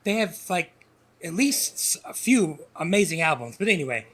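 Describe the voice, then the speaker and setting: A man co-hosting a podcast in casual chat, quick to protest and sound incredulous. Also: fairly high pitch, very animated, over a noisy crowd. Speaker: podcast co-host.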